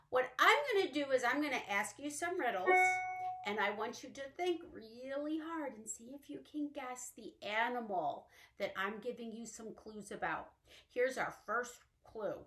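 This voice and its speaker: A woman librarian leading a children's storytime, talking slowly and cheerfully in a sing-song way to young kids. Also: on the high side, fairly bright tone.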